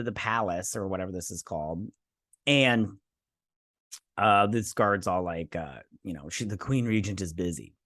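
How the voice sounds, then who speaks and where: A man's voice: mid-range voice, fairly bright tone, no echo, clean studio sound. A man hosting a casual episode review, rambling and sarcastic, with many fillers and restarts. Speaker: show host reviewing a TV episode.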